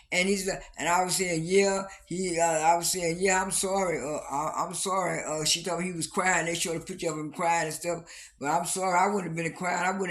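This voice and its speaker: A man casually retelling a reality show episode, rambling and halting with lots of repeated fillers and restarts. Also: sits high, fairly bright tone. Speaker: vlogger recapping a reality show. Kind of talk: casual spoken recap.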